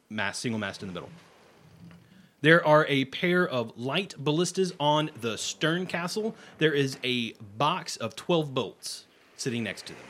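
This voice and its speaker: A man's voice: mid-range voice, a bit bright. A man running a tabletop game as game master, explaining the scene plainly with side jokes.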